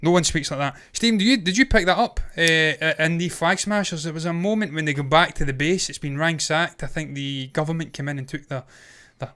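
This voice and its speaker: A man's voice: fairly high pitch, brisk, few pauses, bright, forceful tone, clear, resonant tone. A man in his thirties co-hosting a casual review podcast, ranting animatedly and swearing freely. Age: 30s. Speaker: podcast co-host.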